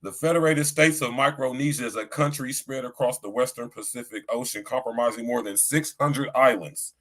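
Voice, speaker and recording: A podcast livestream is hosted by a middle-aged man who talks at a moderate pace in a mid-range voice. The conversation is laid-back and slangy, with "you know what I'm saying" showing up often.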